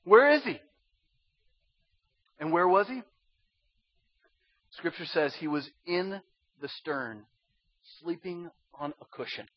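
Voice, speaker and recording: A man preaching a sermon as a pastor, dropping to a hush and rising to loud pleading. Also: on the high side, takes it slowly, pauses often, dry recording, lo-fi sound. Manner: swings from hushed to loud pleading.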